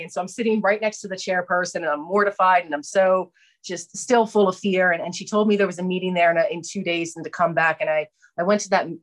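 Woman, low-ish voice, candid personal testimony, halting delivery, frequent fillers and restarts. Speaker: recovery speaker sharing her story.

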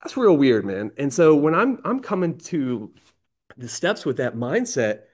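A man's voice: fairly high pitch, very animated, measured pace, a little mellow. A man in recovery candidly sharing his experience with the steps, talking casually with slang and lots of restarts. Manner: casual, slangy, self-deprecating, many restarts. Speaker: AA member sharing.

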